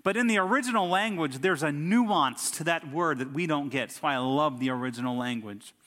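A man's voice: fairly high pitch, a little fast, a bit bright, in a large hall. A middle-aged man preaching a sermon as a pastor, telling stories and building emphatic lists. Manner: storytelling preacher, emphatic lists and rising outbursts.

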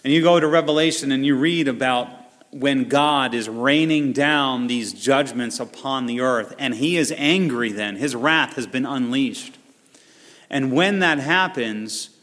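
A man preaching a sermon, animated and conversational, acting out voices and asides as he teaches. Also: mid-range voice, measured pace, in a large hall. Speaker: pastor.

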